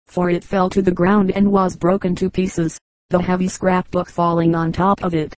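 A woman narrating an audiobook of children's stories in a measured, even reading. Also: lowish voice, no echo, low-quality recording. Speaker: audiobook reader. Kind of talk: storybook narration.

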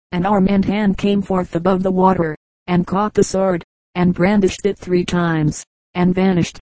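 A woman reading an old tale aloud as an audiobook narrator, measured and steady. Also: lowish voice, no echo, rough recording. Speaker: audiobook reader. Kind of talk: storybook narration.

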